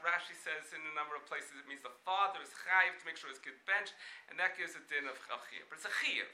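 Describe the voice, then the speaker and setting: Male Torah teacher, very bright tone, animated Talmud lecture, echoey room. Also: on the high side, slight background noise. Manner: animated, questioning, frequent restarts. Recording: echoey room with faint ambience.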